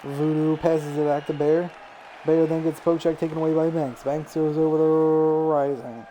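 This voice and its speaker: Rapid-fire commentary comes from a young man streaming a video game hockey game, tracking every pass and save. His slightly high voice climbs with excitement on shots and goals, and there's a faint hiss or hum underneath.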